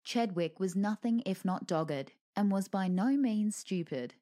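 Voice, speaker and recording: A woman's voice: mid-range voice, measured pace, warm tone. A woman reading a lighthearted fantasy story aloud with wry narration.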